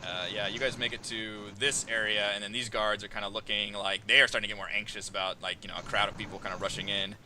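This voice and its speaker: A man narrating a tabletop game as dungeon master, animated, jumping into high yelping voices for guards. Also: fast, hardly any pauses, background noise.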